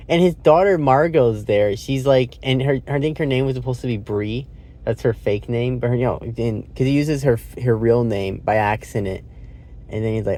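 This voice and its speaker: A man with a mellow, mid-range voice gives a casual spoken movie review from inside a car. It's rambling and filler-heavy, with easygoing swearing and laughter at his own retelling.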